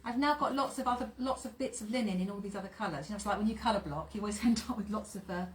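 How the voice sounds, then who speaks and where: A woman's voice: mid-range voice, racing, slight background noise. Chatty woman hosting a sewing live stream. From England. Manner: chatty, warm greetings to viewers, laughs often. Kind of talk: casual live-stream chat. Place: sewing room.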